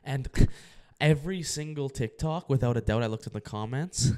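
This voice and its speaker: Animated young man telling stories on a podcast. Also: mid-range voice, normal speed, clean tone. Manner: animated storytelling, lots of fillers. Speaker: podcast co-host. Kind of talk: casual podcast chat.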